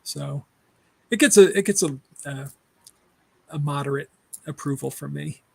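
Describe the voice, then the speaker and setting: A man's voice: a little high, measured pace, gravelly, dark tone, slightly rough, no echo. A man co-hosting a casual movie podcast, blunt and opinionated and laughing often. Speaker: podcast co-host.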